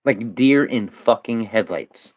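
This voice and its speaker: A man's voice: on the low side, takes it slowly, no room sound, muffled recording. A man telling a long story as a podcast guest, swearing constantly and tossing in "dude" and "bro". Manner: profane, animated, peppers speech with "dude" and "bro". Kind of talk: casual storytelling.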